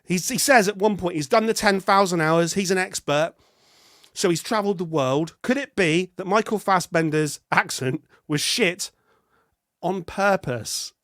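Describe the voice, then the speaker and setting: A man with a high voice talks film on a podcast, animated and quick to laugh. He is recorded close and dry, with no room sound. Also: no room sound. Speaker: podcast co-host. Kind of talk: casual film review chat.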